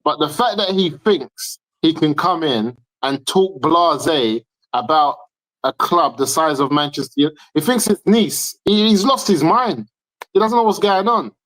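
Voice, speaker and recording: A man's voice: on the high side, measured pace, a bit bright, rough recording. Emphatic man arguing about football. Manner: emphatic, repeats his points. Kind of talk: heated football debate.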